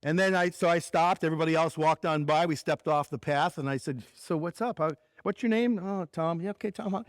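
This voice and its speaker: A man speaking at a ministry conference, telling a personal story in a conversational sermon and dropping his voice low for the serious points. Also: brisk, few pauses, no room sound, studio quality.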